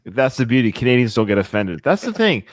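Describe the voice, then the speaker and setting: A man co-hosting a podcast, talking in an animated, casual way and working through his points with restarts. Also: mid-range voice, moderate pace, no room sound. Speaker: podcast co-host. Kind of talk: casual chat.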